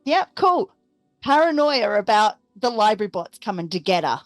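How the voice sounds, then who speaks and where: A woman's voice: mid-range voice, very animated, moderate pace, no room sound. An upbeat Australian woman at a tabletop game, tallying her dice rolls aloud. Her voice sounds dry and close to the mic, with faint music behind. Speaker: player. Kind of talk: casual tabletop play.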